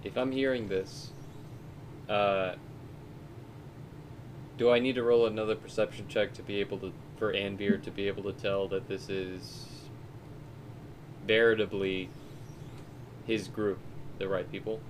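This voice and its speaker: A man playing a tabletop game who asks careful, deliberate questions about the rules. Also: fairly low pitch, little pitch movement, a little hiss or hum. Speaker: player. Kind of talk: casual game chat.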